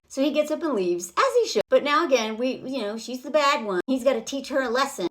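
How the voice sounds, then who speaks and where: Lively, sarcastic, high-pitched woman vlogger. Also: brisk, few pauses. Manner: sarcastic, blunt, laughs often, swears. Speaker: vlogger, film commentator. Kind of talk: sarcastic recap commentary.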